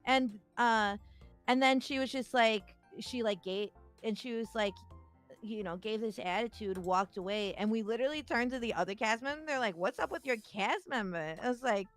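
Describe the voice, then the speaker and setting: A woman's voice: on the high side, normal speed, soft background music. A young woman hosting a stream, telling a story in casual chat and acting out the people she quotes. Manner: animated storytelling, acts out quotes. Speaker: streamer host.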